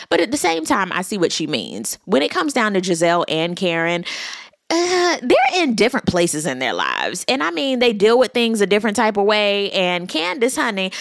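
A young woman giving a sassy, animated casual recap at her computer, calling listeners honey and child. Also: on the high side, creaky, no echo, studio quality. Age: young adult. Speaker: reality TV recap podcaster. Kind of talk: casual commentary monologue.

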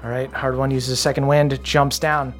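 A man's voice: medium pitch, little pitch movement. Casual male GM, easygoing narration, faint music bed. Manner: casual, halting with fillers. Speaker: game master. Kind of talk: narrating a tabletop game.

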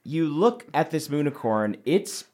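Playful game master with a lively voice. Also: male voice, on the high side, a little slow. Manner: playful, relaxed, laughs often. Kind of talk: narrating a tabletop game.

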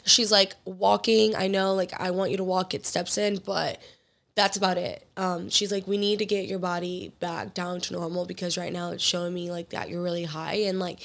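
A young woman hosting her own podcast, hoarse from illness, talking candidly and rambling in casual solo chat. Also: fairly low pitch, a bit bright. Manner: candid, rambling, quotes others in conversation. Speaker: podcast host; fitness trainer and athlete.

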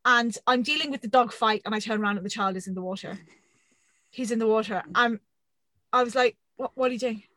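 Woman, thirties, bright forceful voice, high-pitched, dry close sound, animated storyteller. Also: a little fast, no room sound, low-quality recording. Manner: animated, swearing, self-mocking. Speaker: podcast co-host. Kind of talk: casual storytelling chat.

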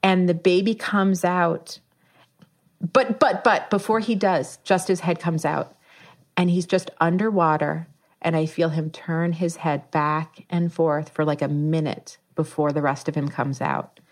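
A woman in her thirties telling a personal story in a casual, animated way, acting out the lines she quotes. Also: low voice, measured pace. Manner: animated, acts out quoted speech.

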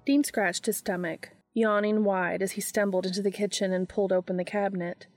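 A woman reading a story aloud in a soft, even storytelling manner. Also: mid-range voice, fairly quick, faint music behind. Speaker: narrator.

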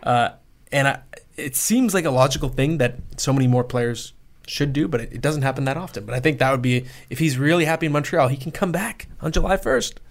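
A man in his thirties co-hosts a sports podcast, offering opinionated takes in casual sports talk and frequently correcting himself. His mid-range voice is brisk with noticeable vocal fry.

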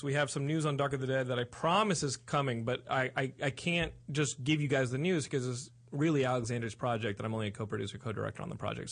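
A man hosting a podcast in casual chat, rambling and excitable. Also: mid-range voice. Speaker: podcast host.

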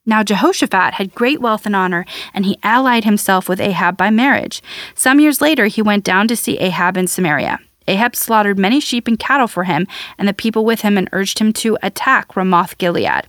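Woman, scripture reader, measured delivery, mid-pitched, dry close-mic sound. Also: lively intonation, a bit bright, no echo. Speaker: Bible reader. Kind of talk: scripture reading.

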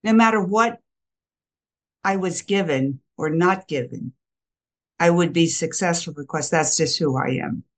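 An older woman, a counselor, talking in a casual interview in a slow, emphatic, reflective way. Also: fairly low pitch. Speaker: guest counselor.

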